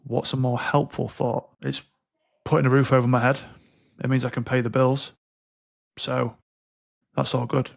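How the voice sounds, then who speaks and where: A man's voice: mid-range voice, level tone, moderate pace, vocal fry. A man in his thirties, a podcast guest speaking candidly and bluntly with frequent swearing. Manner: blunt and sweary, acts out quoted dialogue. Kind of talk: candid interview conversation.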